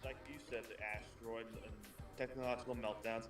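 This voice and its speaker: A man's voice: medium pitch, level tone, quick pace, fairly bright tone, distant mic. A man co-hosting a casual gaming stream, telling stories and swearing freely. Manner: profane, rambling storyteller. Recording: echoey and off-mic with music.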